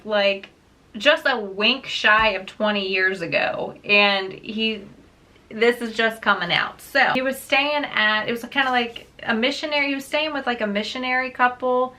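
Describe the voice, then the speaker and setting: A woman book vlogger telling a story in a casual, animated way, laughing often. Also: mid-range voice. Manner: chatty, animated, laughs often, many fillers.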